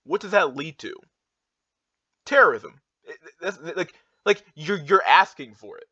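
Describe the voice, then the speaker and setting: A man's voice: fairly high pitch, sing-song, measured pace, sharp tone, breathy edge, no echo. A young man in a heated, rambling rant, full of fillers and restarts. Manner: heated, repetitive, filler-heavy with many restarts. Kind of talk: ranting monologue reacting to charts. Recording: dull lo-fi dry sound.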